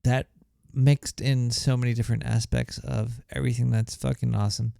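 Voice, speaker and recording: A man's voice: medium pitch, level tone, moderate pace, vocal fry, warm tone, no room sound, clean studio sound. A man hosting his own show, chatting casually and reading out listener donations in a laid-back way. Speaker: radio show host.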